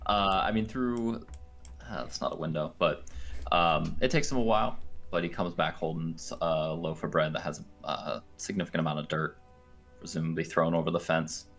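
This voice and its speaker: Acting as game master for a tabletop game, a man narrates hesitantly, his speech full of fillers. His voice is low-pitched yet fairly bright, steady in tone, at a normal speed, with faint music in the background.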